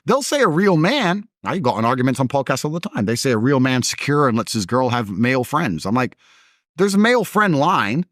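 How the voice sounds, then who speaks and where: A man's voice: medium pitch, sing-song, a little fast, hardly any pauses, a bit bright, dry recording, clean studio sound. A man in casual podcast conversation, talking bluntly and emphatically. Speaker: podcast guest.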